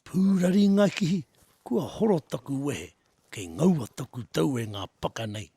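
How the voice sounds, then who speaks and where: A man's voice: a little high, very animated, normal speed, dark tone, a little hiss or hum. A man with a New Zealand accent hosting a hunting show, narrating and joking with his companions. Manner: narrates in Māori, jokes with companions. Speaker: host. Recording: music playing under the voice.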